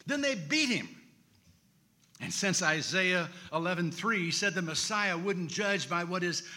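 A man preaching a sermon in an expressive, emphatic way with dramatic drops in his voice. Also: high-pitched, a little slow.

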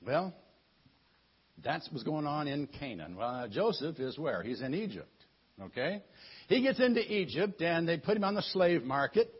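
A man's voice: on the high side, very animated, normal speed, breathy edge. A man casually retelling a Bible story in a folksy way, stumbling over his words and adding joking asides. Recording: muffled lo-fi recording.

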